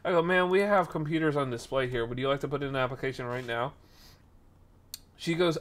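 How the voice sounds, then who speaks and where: A man's voice: medium pitch, brisk. A young man hosting a casual stream podcast, telling a story and acting out the people in it. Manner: animated, acts out quoted people.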